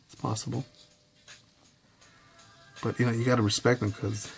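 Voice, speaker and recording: A man giving a rambling, candid personal monologue to camera, swearing at times and slipping into quick impressions of others. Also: medium pitch, fairly even intonation, vocal fry, faint music behind. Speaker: vlogger.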